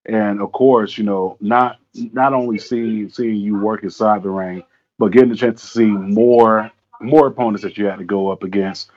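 A man's voice: on the low side, steady tone, normal speed, darkish tone. A man hosting a casual interview, rambling and repeating himself with lots of fillers. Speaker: interviewer, host. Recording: dull lo-fi audio.

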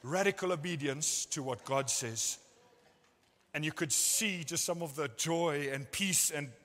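A man's voice: fairly high pitch, a little slow, fairly bright tone, long reverb tail. A male pastor preaching a sermon at a church service, telling stories earnestly and acting out what people said.

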